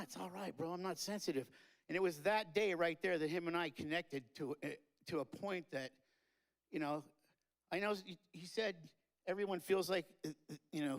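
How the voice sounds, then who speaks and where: A man with a fairly high voice speaks at a memorial gathering. He rambles through his tribute with plenty of fillers and mixes goofy jokes with choked-up, tearful moments. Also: poor audio. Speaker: eulogy speaker. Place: live-streamed memorial event.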